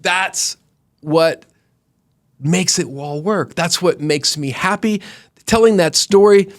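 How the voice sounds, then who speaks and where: A middle-aged man, a company founder, telling stories earnestly in an interview, animated, often restarting his sentences. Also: sits high, slow pace. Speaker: guest, roofing company founder. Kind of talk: conversational interview storytelling.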